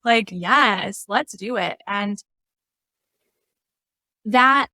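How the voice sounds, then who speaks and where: A woman's voice: mid-range voice, drawn-out words, dry recording. A woman guest on a podcast, a spiritual life coach speaking earnestly and reflectively. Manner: earnest, reflective, softening to quiet. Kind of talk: casual conversation.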